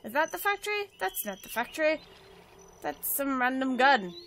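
High bright-voiced woman gaming. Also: normal speed, slight background noise. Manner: chatty, self-mocking, bursts into excited cries. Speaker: let's play gamer. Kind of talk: casual gameplay commentary.

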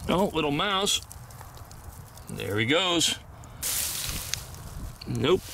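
A man's voice: a little high, animated, drawn-out words, vocal fry, far from the mic, noisy background. A man filming outdoors as he searches, talking through his finds in an easygoing, enthusiastic way, thinking aloud with fillers. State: a little out of breath. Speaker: vlogger. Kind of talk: outdoor nature vlog narration. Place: outdoors on a hillside.

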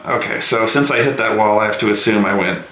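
A young adult man hosting a casual, profane game review rant, animated and swearing freely. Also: fairly low pitch, roomy sound, rough recording. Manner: animated, swears a lot, shouts in excitement. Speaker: show host reviewing a game.

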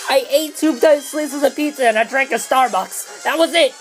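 Hyper, high-voiced young gamer guy. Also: normal speed, faint music behind. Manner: hyper, excitable, swears a lot, shouts in glee. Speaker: let's play commentator. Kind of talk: hyper gameplay commentary.

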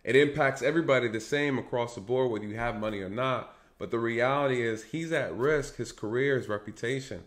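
Fairly quick and seldom pausing, a male commentary channel host runs through an informal monologue aimed right at his viewers. He checks in with "right?" and "you guys," moving between loud, spirited passages and low, muttered asides.

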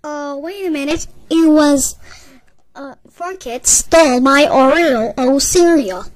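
A woman voices a high-pitched, indignant cartoon adult who has just found her cereal gone. She mutters slowly and haltingly, then turns to threats. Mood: outraged. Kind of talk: amateur animated grounding video voice acting.

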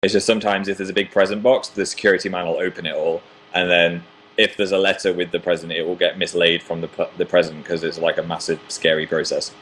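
A man's voice: low voice, flat delivery, fast, fairly bright tone, a little hiss or hum. Chatty young man reading live comments. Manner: chatty, self-deprecating, reads viewer comments aloud. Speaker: livestream host. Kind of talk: casual livestream chat reading comments.

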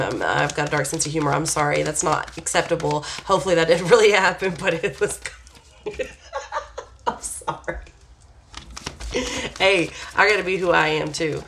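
A woman with a low voice talks through a tarot reading in a loose, chatty way. She is blunt and candid, sighs often, and swears casually as she goes. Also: vocal fry, a little hiss or hum. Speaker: tarot reader.

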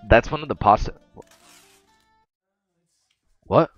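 A man reacting to meme videos as a streamer, excitable and cursing often, bursting into laughter. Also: medium pitch, slow, pauses often, dry recording, soft background music. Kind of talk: casual reaction commentary. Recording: dull lo-fi mic.

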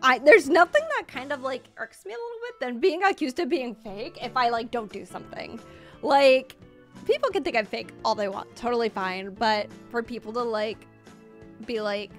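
A woman's voice: a little high, lively intonation, normal speed, faint music behind. A woman in her twenties chatting on a live game stream, flustered and laughing nervously. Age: 20s. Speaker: Roblox streamer. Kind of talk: live gameplay stream chat.

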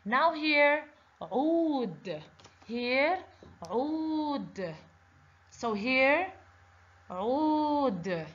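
A woman's voice: sits high, big pitch swings, drawn-out words, pauses often. A woman teaching a children's lesson on letters, patiently repeating each word and asking the class questions. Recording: dull lo-fi recording.

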